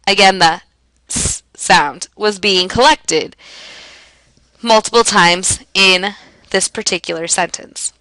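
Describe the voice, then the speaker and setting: A woman teacher explaining a lesson in a clear, emphatic way, asking and answering her own questions. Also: medium pitch, slow, pushed and bright, no room sound, low-quality recording. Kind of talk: classroom lesson narration.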